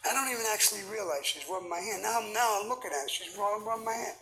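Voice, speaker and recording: A man's voice: high-pitched, very fast, faint music behind, poor audio. A man, telling blunt, profane stories as an interview guest. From United States. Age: 70s. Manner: blunt, profane, animated storytelling. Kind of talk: storytelling in a sit-down interview.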